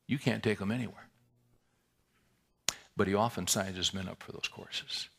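A man's voice: fairly low pitch, steady tone, normal speed, gravelly, slightly rough. A man preaching, telling a personal story candidly and conversationally, with wry humor.

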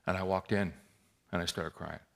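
A man's voice: deep voice, fairly even intonation, normal speed, creaky. A man preaching, telling a personal story candidly and conversationally, with wry humor.

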